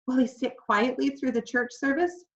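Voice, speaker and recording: A woman voicing a calm, gently amused mother who speaks in a relaxed, reassuring way. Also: high-pitched, moderate pace, voice pushed up. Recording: slightly dull lo-fi recording.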